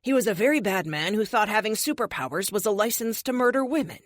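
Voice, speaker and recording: Woman playing cold-blooded female vigilante, flat emotionless delivery, defiant, dry read. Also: mid-range voice, fast, no echo, close to an everyday voice.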